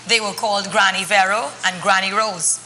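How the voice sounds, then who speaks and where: Bright-voiced storyteller reading to kids, teacherly questions, roomy echo. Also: female voice, mid-range voice, steady tone, moderate pace, slight background noise. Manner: teacherly, asks the children questions. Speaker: children's storyteller. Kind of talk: reading a picture book to children.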